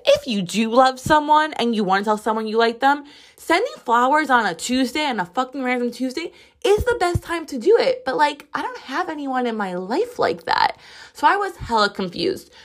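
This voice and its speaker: A woman in her twenties with a slightly high, very animated voice hosts a solo podcast, telling a story at a moderate pace. She's chatty and casual, swearing and saying "like" constantly.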